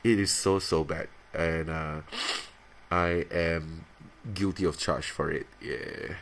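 A man in his thirties hosting a podcast, casually confessing in a halting, rambling way with many restarts, jumping into high playful voices when imitating himself. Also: steady tone, fairly bright tone, a little hiss or hum. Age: 30s. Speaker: podcast host.

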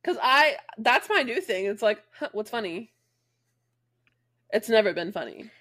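Woman podcast co-host, fairly high voice, blunt and swearing, lively storyteller. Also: moderate pace. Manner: blunt, profane, animated storyteller. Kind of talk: casual chat.

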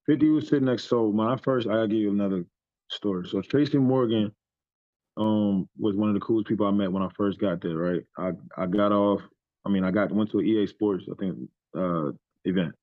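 A man in his thirties telling stories as a podcast guest, animated and profane with lots of "you know what I'm saying". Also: on the low side, a little fast, no room sound. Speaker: podcast guest, former pro basketball player. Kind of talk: storytelling in casual chat. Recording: tinny phone-like line, dry.

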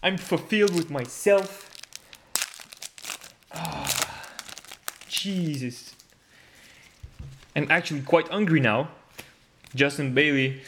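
A man giving casual commentary while opening hockey card packs, laughing often and bursting into loud gasps and swearing over good pulls. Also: fairly high pitch, takes it slowly, long pauses, noisy background.

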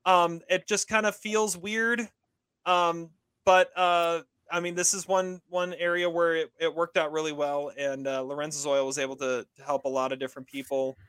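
A man's voice: a little high, little pitch movement, moderate pace, a bit bright, clean tone, dry recording. A man co-hosting a casual film podcast, rambling with many fillers and restarts. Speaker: podcast co-host reviewing films. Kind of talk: casual chat.

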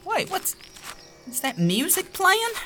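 A woman's voice: extremely high pitch, huge pitch swings, takes it slowly, very noisy, exaggerated voice. A woman voicing a naive young small-town man who dreams of stardom, nervous and stammering. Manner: nervous, stammering, wide-eyed.

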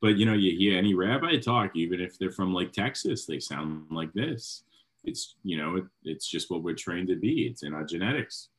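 A young man from Ohio co-hosting a comedy podcast, trading deadpan, mock-serious banter in casual chat. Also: sits low, fairly quick, few pauses. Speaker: podcast co-host.

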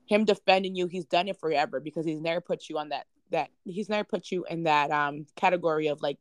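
A woman's voice: low-pitched, fast, hardly any pauses, dry recording, clean studio sound. A young woman, co-hosting a casual podcast chat, blunt and playful. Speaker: podcast co-host.

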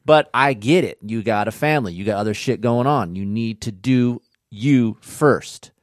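A man's voice: fairly low pitch, normal speed, dry recording, studio quality. A middle-aged man hosting a casual podcast chat, blunt and teasing, with plenty of swearing. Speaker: podcast host. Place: studio.

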